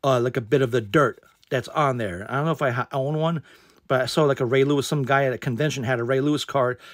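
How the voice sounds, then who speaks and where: A man's voice: mid-range voice, fast talker, dry recording, studio quality. A man hosting a casual card unboxing, rambling with lots of fillers and repeated exclamations.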